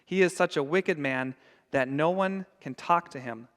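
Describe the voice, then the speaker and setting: A pastor doing an anxious, loyal servant. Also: male voice, a little high, a little slow, fairly bright tone, in a large hall. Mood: urgent. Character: frightened loyal male servant.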